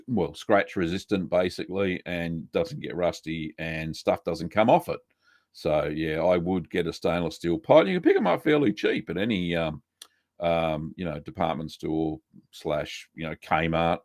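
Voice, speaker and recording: A man hosting a live cheesemaking Q&A, relaxed and chatty, reading out viewer messages with lots of ums. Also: low-pitched, unhurried, dry recording, studio quality. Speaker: cheesemaking show host answering live chat. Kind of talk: casual live-stream Q&A.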